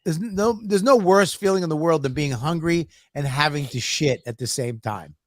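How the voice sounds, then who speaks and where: A man's voice: fairly high pitch, normal speed, no echo, clean studio sound. A man telling a profane, exasperated story on a podcast and acting out both sides of the talk. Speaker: podcast co-host. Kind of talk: animated storytelling.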